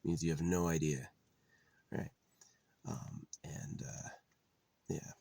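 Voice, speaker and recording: A man's voice: rumbling low, steady tone, slow, creaky, dark tone. A man talking to camera in a meandering, profane monologue, full of fillers and restarts. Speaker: vlogger. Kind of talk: rambling casual monologue.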